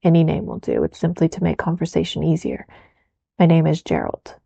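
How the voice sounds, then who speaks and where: A woman voicing a calm, terse male witcher in a soft whispered role-play reading. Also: low-pitched, brisk, gravelly, slightly rough, no echo, highs cut off, exaggerated voice. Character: calm white-haired male witcher, terse monster slayer.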